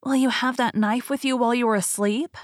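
A woman voicing a frightened, gentle little girl in a storybook, with a soft, pleading delivery. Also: fairly high pitch, fairly even intonation, a little fast, no echo, clean studio sound, voice pushed up, lightly acted. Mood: anxious.

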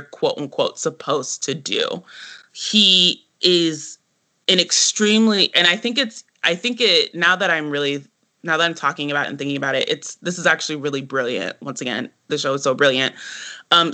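A man co-hosting a casual podcast, his voice fairly high and strikingly bright. He talks in an animated, rambling way, leaning on "like" and breaking into laughter. The sound is close and clean. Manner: animated, heavy use of "like", frequent laughter. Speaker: podcast co-host.

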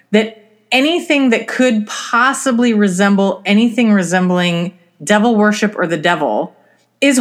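A woman co-hosting a podcast, telling a story from her own life. She speaks earnestly and with animation in a relaxed, casual conversation. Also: mid-range voice. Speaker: podcast co-host.

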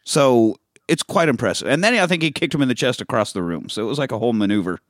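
A man hosting a casual film podcast, retelling scenes with animated energy and plenty of swearing. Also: mid-range voice, quick pace, dry recording, studio quality. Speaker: podcast host.

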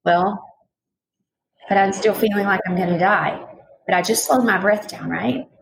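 A middle-aged woman talking thoughtfully in a relaxed conversation, slowing down and showing how breathing works. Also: mid-range voice, vocal fry, a little hiss or hum, rough recording. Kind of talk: reflective conversational chat.

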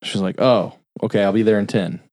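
His voice is lowish, steady in tone, and a little mellow as he hosts a podcast recapping a film's plot. In this casual review chat he swears freely, keeps things loose and profane, and tosses in quick voiced-out quotes from the characters.

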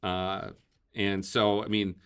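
Man, podcast host, low voice, chatty with fillers, laughs often. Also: flat delivery, slow, a bit bright, clear, resonant tone. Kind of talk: casual political talk.

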